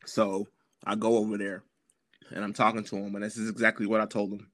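A man talking as a podcast guest, telling a story in a casual, slangy, animated way and clearing his throat now and then. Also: lowish voice, a little fast, no room sound, clean studio sound.

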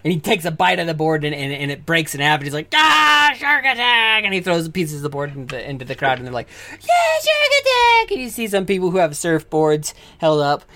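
A woman narrating as game master with a strained voice, animated and prone to shouted character voices. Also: sits low, quick pace, few pauses. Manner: animated, bursts into shouted announcer and wrestler voices.

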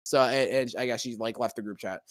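A man's voice: mid-range voice, fairly even intonation, fairly quick, no room sound. A young man telling a story in casual chat, rambling and profane with many fillers and restarts. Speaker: co-host.

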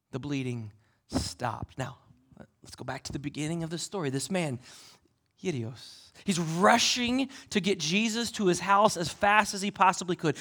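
In this sermon, a pastor preaches expressively in a high, lively male voice. He moves back and forth from hushed asides to loud, emphatic moments.

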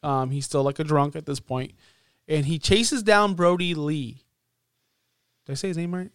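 Casual podcast guy, animated, higher voice, dead dry sound. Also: moderate pace, clear, resonant tone, dry recording. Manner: animated, acts out quotes in raised voice. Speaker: podcast co-host. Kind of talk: casual wrestling chat.

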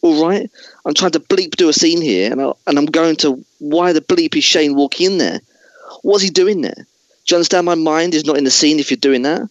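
A man's voice: a little high, brisk, no room sound, muffled recording, voice pushed up, close to an everyday voice. A man playing an enraged male film star who rants at a crew member and says "bleep" in place of swear words. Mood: furious. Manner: ranting, swearing with bleeps said aloud.

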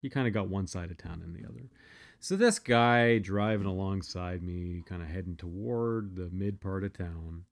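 A man's voice: deep voice, normal speed, gravelly. A man telling a personal story in a casual, blunt, profane way, often restarting his sentences.

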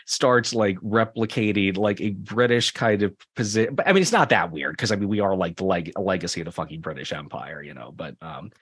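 A man's voice: sits low, expressive, fairly quick, few pauses, fairly bright tone, slightly rough. A man co-hosting a podcast, recapping a film in casual chat, rambling, swearing and laughing often. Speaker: podcast co-host.

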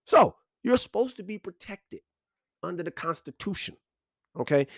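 Casting: a high-voiced man who swings his pitch widely, speaking in a profane rant, close and dry. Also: moderate pace, no echo. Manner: animated, profane, ranting with emphatic repetition. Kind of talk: profane monologue.

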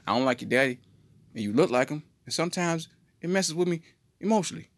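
A man's voice: fairly high pitch, animated, fast, no room sound, voice pushed up. A man voicing a blunt, sassy middle-aged mother questioning her son. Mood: probing.

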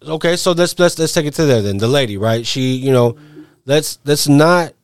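A man's voice: on the high side, normal speed, clear, resonant tone, dry recording, studio quality. A man co-hosting a casual podcast, talking reflectively with plenty of swearing. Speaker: podcast co-host.

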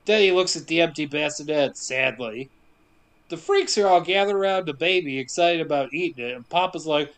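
A man casually recapping a movie for a podcast, telling it with jokes and quick asides. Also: fairly high pitch. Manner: joking, animated storytelling with quick asides.

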